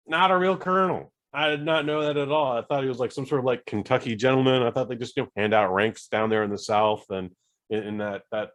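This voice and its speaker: A man co-hosting a podcast, rambling through an animated casual chat with many fillers. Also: medium pitch. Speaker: podcast co-host.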